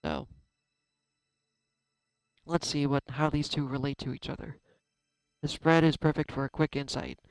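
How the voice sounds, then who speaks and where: A man giving a casual tarot card reading, chatty and self-deprecating, thinking out loud. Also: on the high side, sing-song, a little slow, vocal fry, long pauses, smooth, dry recording, rough recording. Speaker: tarot reader.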